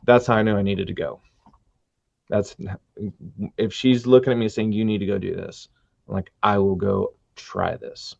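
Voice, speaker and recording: A middle-aged man, a musician guest, telling his story with earnest, animated retellings in a casual interview. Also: on the low side, moderate pace, gravelly, pauses often, dry recording. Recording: dull dry sound.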